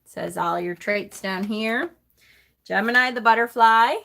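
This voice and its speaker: Woman host, live-stream chat, bright and forceful tone, high-ish voice, laughs easily, reads aloud and answers chat. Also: measured pace, gravelly. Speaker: host of a tarot channel.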